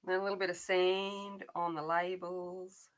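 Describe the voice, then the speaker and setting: A woman's voice: lowish voice, flat delivery, a little slow, slight background noise. A middle-aged woman chatting casually while colouring, rambling along with frequent restarts. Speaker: adult colouring channel host.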